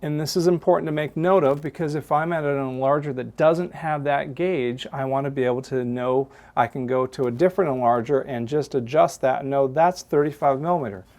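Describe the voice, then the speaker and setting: A man's voice: mid-range voice, a little fast, few pauses, a little mellow. A man who is a photography instructor, patiently talking students through a hands-on darkroom demonstration step by step. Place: college darkroom.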